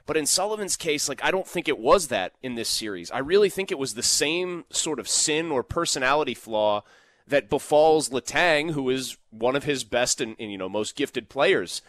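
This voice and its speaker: An argumentative man on a sports talk show, pushing back hard and growing animated as he makes his case. His pitch is medium for a man. The recording is dry, with no room sound. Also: moderate pace, dry recording. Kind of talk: casual sports debate.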